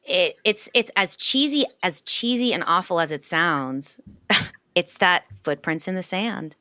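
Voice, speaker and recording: A woman's voice: fairly low pitch, measured pace, sharp tone, no echo, clean studio sound. A woman co-hosting a podcast, chatting casually and backing up her guest. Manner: supportive, agreeing interjections. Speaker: podcast host. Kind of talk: casual chat.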